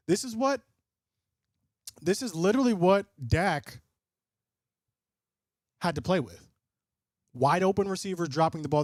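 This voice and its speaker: A young man streaming live football play-by-play and reaction, joking with his chat in an excitable, playful way. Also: on the high side, no room sound. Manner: excitable, jokey, talks straight to chat.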